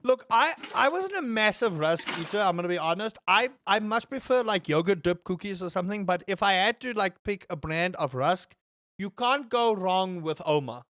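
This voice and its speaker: A gaming streamer chatting casually with viewers while playing, rambling and swearing, with sudden high outbursts. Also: normal speed, dry recording. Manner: animated, rambling, swears, jumps to high shouts.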